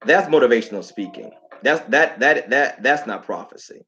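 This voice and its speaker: A man hosting a casual livestream talk, telling stories with lots of repeated phrases and animated asides. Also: mid-range voice, moderate pace, dull audio. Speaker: host.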